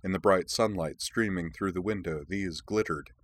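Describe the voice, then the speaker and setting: A man narrating an audiobook in a measured, even reading. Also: sits low, no room sound.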